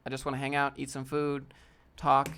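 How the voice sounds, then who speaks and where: A man's voice: mid-range voice, completely flat delivery, moderate pace, fairly bright tone, clean tone. Blunt casual man hosting a livestream. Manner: blunt, answers chat questions and critiques a viewer's portfolio; casual slang, calls viewers fam and dude. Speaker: livestream host. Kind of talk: casual live Q&A. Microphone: desk setup with a DSLR camera.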